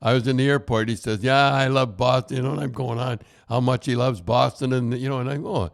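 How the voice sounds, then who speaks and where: An older man from Canada trading old stories in a relaxed podcast chat. He rambles and restarts his sentences, chuckling along, at an everyday middle pitch. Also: quick pace, creaky. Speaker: podcast host, former hockey coach. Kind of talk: casual storytelling chat.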